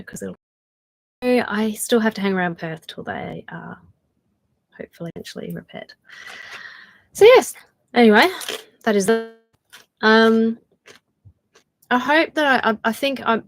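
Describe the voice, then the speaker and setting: A tired woman with an Australian accent, chatting casually with viewers on a livestream, laughing often and trailing off into soft asides. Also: medium pitch, moderate pace, long pauses, dry recording, poor audio. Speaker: channel host doing a livestream. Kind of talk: casual live chat with viewers.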